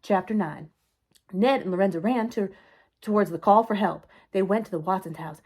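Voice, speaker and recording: Woman, children's book read-aloud, clear and expressive storyteller. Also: medium pitch, normal speed.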